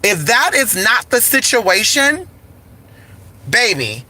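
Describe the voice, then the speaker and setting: A woman's voice: on the high side, very animated, takes it slowly, bright, forceful tone. A woman hosting a casual spiritual talk, sassy and campy, dropping "honey" and "girl" between sentences. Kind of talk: casual spiritual talk with singing along to music. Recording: faint music behind.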